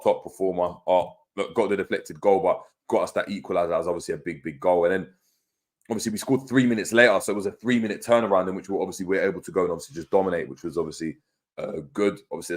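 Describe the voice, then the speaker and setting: A man's voice: low voice, fairly even intonation, fast. A man hosting a casual live stream, laughing often, bantering in slang and reading viewer comments aloud. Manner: slangy banter with many fillers. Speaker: host of a fan live stream.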